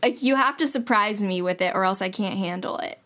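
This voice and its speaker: A woman chatting casually with friends, telling an animated story and acting out the dialogue. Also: mid-range voice, a little fast.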